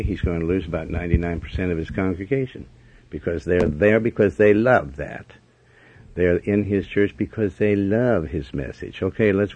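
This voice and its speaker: Blunt, scolding male preacher. Very low, husky voice. Dull lo-fi sound. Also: a little mellow. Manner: blunt, scolding, repetitive emphasis. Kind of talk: sermon commentary. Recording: dull lo-fi recording.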